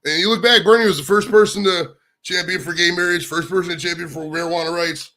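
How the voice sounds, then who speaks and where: A man's voice: sits high, steady tone, fast talker, pushed and bright. A man hosting a livestream from home, rambling casually and swearing freely as he gives blunt opinions. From United States. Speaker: livestream host. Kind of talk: casual rambling stream chat. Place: his home.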